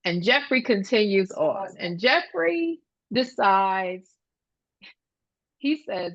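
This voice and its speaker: This woman, a speech-language pathologist, is a guest speaker at a conference. Her medium-pitched voice is expressive and slow as she animatedly explains ideas, tells stories, and imitates children's voices. The audio is lo-fi, with no echo.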